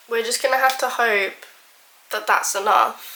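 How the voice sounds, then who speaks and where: Baking vlogger, woman, slightly high voice, talks in rambling asides, roomy kitchen sound. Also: fairly even intonation, normal speed, sharp tone, a little hiss or hum. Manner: chatty, rambling, self-deprecating, full of "like". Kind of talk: casual chat to camera. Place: home kitchen.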